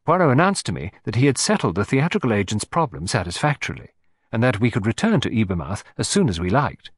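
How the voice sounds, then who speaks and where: A man narrating a detective story in a clear, steady storytelling manner. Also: mid-range voice, dry recording. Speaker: audiobook narrator. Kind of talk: scripted narration.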